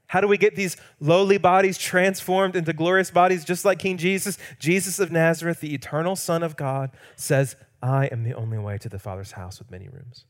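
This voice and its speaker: A male pastor with a fairly high-pitched voice gives a sermon, rising to loud, emphatic peaks and dropping to hushed lines. At times he acts out quoted lines playfully.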